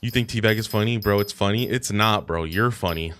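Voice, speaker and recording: A young man chatting on a casual livestream, swearing freely and bantering in an animated way. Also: on the low side, a little fast, a little hiss or hum. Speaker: streamer.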